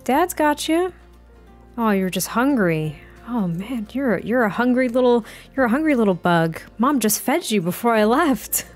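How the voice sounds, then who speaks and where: A woman voicing a gentle cooing new dad. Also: very animated, normal speed, soft background music. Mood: soothing. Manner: gentle, higher cooing voice for the baby. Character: new father soothing his crying baby.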